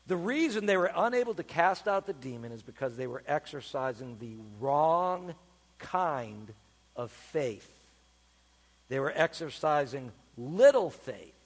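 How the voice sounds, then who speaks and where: A man preaching a sermon as pastor, emphatic and animated, with dramatic pauses. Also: a little high, husky, big-room sound.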